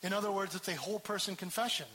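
A man's voice: sits high, racing, bright, forceful tone, a little hiss or hum, poor audio. A man preaching a sermon as pastor, emphatic and repeating key words for stress.

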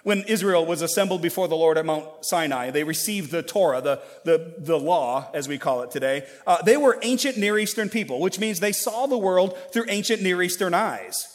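A man's voice: sits high, animated, normal speed, hardly any pauses, long reverb tail. A man preaching a sermon to his church, earnest and emphatic, building intensity as he presses a point. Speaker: pastor.

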